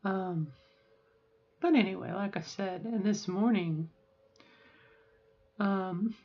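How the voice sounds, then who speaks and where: A middle-aged woman recording a personal video diary at home. She speaks in a reflective, halting way with many fillers and restarts, and her voice sounds strained and sore. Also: mid-range voice, muffled recording. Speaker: vlogger.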